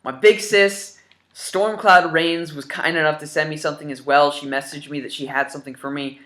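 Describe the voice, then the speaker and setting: A gaming YouTuber in his twenties shows off his new games in a casual vlog, speaking directly to viewers. His slightly high voice has a bright, forward edge, fairly even intonation and a normal speed. He's enthusiastic and rambling, full of ums and half-started words.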